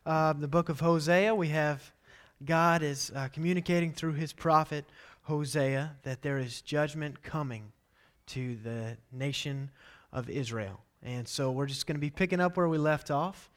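A man in his thirties, a pastor giving a sermon with animated storytelling. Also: a little high, a little slow. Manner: animated storytelling, acts out quotes loudly.

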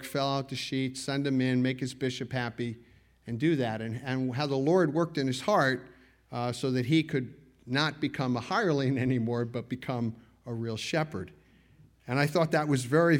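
A man preaching a sermon at an evening church service, earnest, slowing down and rising for emphasis. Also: mid-range voice. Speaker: pastor.

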